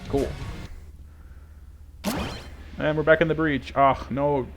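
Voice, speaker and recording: A man's voice: fairly high pitch, steady tone, moderate pace. Chatty man narrating a game. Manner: chatty, self-deprecating, thinks aloud. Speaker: gaming YouTuber. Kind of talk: casual let's-play commentary. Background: game music.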